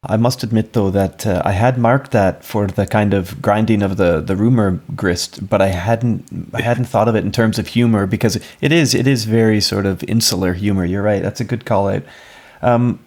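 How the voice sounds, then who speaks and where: A man with a low, slightly husky voice who co-hosts a relaxed book podcast. He listens closely, prompts his co-host with questions and adds his own points in a measured way. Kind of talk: casual book discussion.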